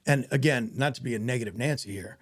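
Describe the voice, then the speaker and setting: A man with a Southern American accent, an actor guest talking earnestly in a casual interview, with a gravelly, husky voice. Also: medium pitch, fast, no echo, clean studio sound. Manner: earnest, animated storytelling with self-corrections.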